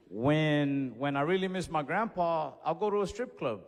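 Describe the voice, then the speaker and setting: A young man telling a stand-up story in a laid-back, conversational way, now and then shouting a punchline. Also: fairly high pitch, expressive, normal speed. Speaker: stand-up comedian. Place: comedy club stage with audience. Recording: live venue with long reverb, faint room noise.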